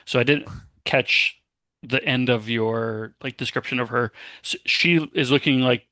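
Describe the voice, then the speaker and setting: A man's voice: mid-range voice, fairly even intonation, unhurried, sharp tone, dry recording, studio quality. A man playing a tabletop game, rambling and joking as he plans his character's moves. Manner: rambling, self-correcting, joking. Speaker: player. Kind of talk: tabletop role-play chat.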